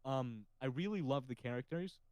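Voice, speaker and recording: A man's voice: mid-range voice, lively intonation, moderate pace, a little mellow, clean tone, no room sound, rough recording. Man, podcast host, slightly nasal, casual chat, dry sound. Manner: chatty, swears casually, laughs often.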